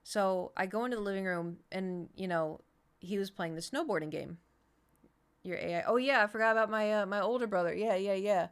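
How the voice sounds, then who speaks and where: A woman's voice: medium pitch, fairly quick, smooth. Chatty woman streamer telling stories. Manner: rambling storyteller, answers chat between anecdotes. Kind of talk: casual chat.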